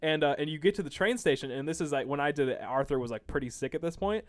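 Dude excitedly recapping a game quest, laughs a lot, swears casually. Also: male voice, on the high side, fast. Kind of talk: casual chat about a video game.

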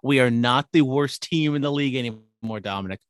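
A man's voice: mid-range voice, brisk, no room sound, studio quality. A man co-hosting a casual sports podcast, talking baseball standings with wry, upbeat banter. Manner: upbeat, wry, jumps between stats and jokes. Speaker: podcast co-host.

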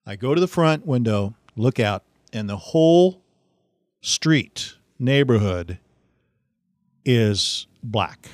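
A middle-aged man hosting a podcast, telling a funny story in a casual, animated way and laughing often. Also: mid-range voice, takes it slowly, dry recording, studio quality. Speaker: podcast host.

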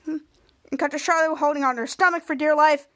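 A woman hosting a podcast, retelling a TV episode scene by scene in a halting way, with frequent restarts. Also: sits high, steady tone, fairly bright tone. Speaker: podcast host. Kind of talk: casual episode recap.

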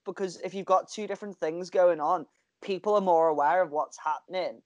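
A chatty woman co-hosting a casual talk over a video call. She tells stories with lively energy and laughs often. The sound is dry and close. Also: lowish voice, a little fast, dry recording. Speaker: podcast co-host. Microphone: headphones and mic on a video call.

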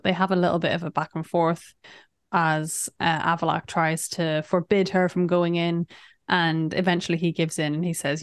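A woman's voice: on the low side, moderate pace, clear, resonant tone, no room sound, studio quality. A woman co-hosting a podcast, recapping a game in casual, chatty talk, often laughing. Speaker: podcast co-host.

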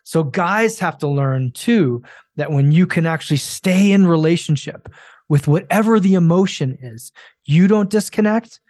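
A man's voice: on the high side, a little mellow, no room sound. A man in his forties talking earnestly and emphatically, coaching other men in a casual conversation. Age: 40s.

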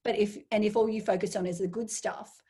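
A woman guest in a casual interview, talking enthusiastically and acting out her own inner voice in quick asides. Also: mid-range voice, fairly even intonation, warm tone, slightly rough.

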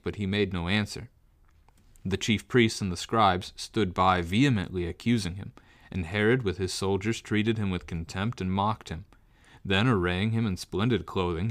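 A man reading scripture aloud in a measured, even way. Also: low-pitched, dry recording. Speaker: scripture reader.

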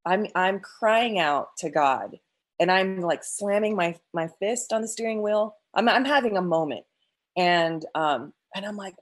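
A woman's voice: mid-range voice, expressive, measured pace. A woman sharing an emotional personal faith testimony, earnest, with frequent restarts and quoted prayers.

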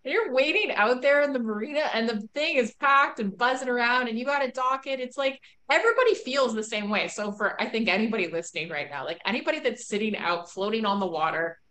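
A woman's voice: a little high, lively intonation, fast talker, few pauses, pushed and bright. Chatty woman podcast host. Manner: chatty, full of "like" fillers. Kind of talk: casual chat.

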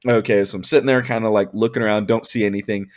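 A young man telling a long comic story in casual chat, animated and exasperated, swearing and laughing as he goes. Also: on the low side, quick pace.

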